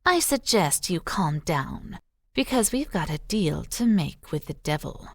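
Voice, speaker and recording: A woman voicing a vengeful, cruel sorceress who mocks in a slow, drawn-out way. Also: lowish voice, big pitch swings, no echo, full character voice. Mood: mocking. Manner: slow, mocking, drawn-out delivery.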